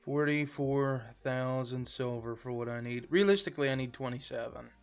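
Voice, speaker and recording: A man's voice: medium pitch, flat delivery, normal speed, clear, resonant tone. A man streaming a game live, chatting casually to viewers in a rambling, filler-heavy way. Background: faint background music.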